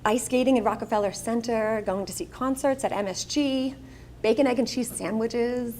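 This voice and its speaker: A middle-aged woman with a Long Island accent tells her life story to an audience, candid and quick to poke fun at herself. Her voice sits a little high. Faint background noise lies under it. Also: darkish tone. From Long Island, New York. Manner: candid and self-mocking, with wry asides. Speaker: guest speaker at a charity breakfast. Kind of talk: personal storytelling speech. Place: event room, speaking to an audience.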